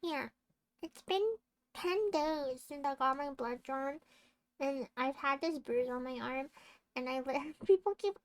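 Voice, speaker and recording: A high-pitched woman streamer chatting with her viewers, sleepy and rambling, often giggling and restarting her sentences. Her voice sits close and dry on the mic. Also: a little slow, dry recording. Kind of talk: casual chat with viewers.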